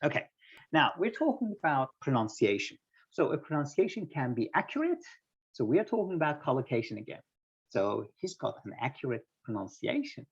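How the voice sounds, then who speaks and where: A man's voice: a little high, wildly swooping pitch, a little fast, husky, lo-fi sound. A man teaching an online English class, patiently quizzing students by name and explaining word pairings, heard over a video call.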